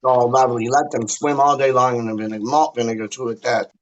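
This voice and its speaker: A man's voice: medium pitch, flat delivery, fast, highs cut off. An enthusiastic man in a casual chat who talks emphatically and repeats words for stress.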